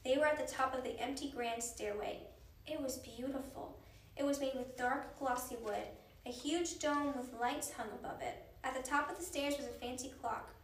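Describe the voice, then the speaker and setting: A woman reading a children's book aloud in a gentle, expressive way. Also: high voice, normal speed, reverberant, distant mic. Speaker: reader.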